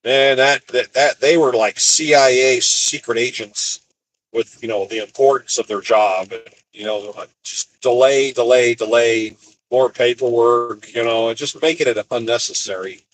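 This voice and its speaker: A man from the United States, an expedite van driver, casually telling rambling stories from the road and jumping into higher voices when he quotes people. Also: unhurried, poor audio. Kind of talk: casual storytelling.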